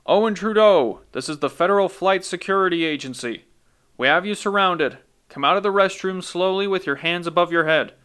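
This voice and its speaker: A man doing a booming megaphone federal officer. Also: a little fast, clear, resonant tone. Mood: commanding. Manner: loud and commanding.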